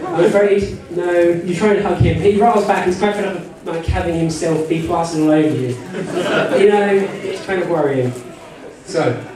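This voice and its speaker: Guy gm-ing a text adventure, high voice, jokey and rambly, echoey hall, mic far off, crowd around. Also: normal speed. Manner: jokey and rambling, full of "you know" asides, laughing often. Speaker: game master. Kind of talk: improvised narration of a live text-adventure game. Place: convention panel room with an audience.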